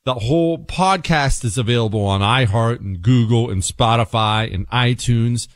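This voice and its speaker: A man hosting a political talk radio show, animated and exasperated, joking with listeners, with a drawl. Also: medium pitch, normal speed, no room sound.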